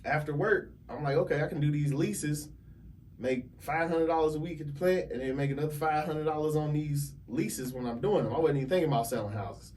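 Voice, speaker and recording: A man telling a story on a podcast as a realtor guest, animated and laughing often as he acts out other people's lines. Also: a little high, brisk, recorded from a distance, slight background noise. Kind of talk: casual storytelling.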